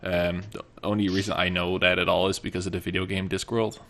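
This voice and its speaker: Gravelly low-voiced man hosting a podcast. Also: flat delivery, fast talker, fairly bright tone. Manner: joking, stammering restarts. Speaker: podcast host. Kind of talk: casual chat.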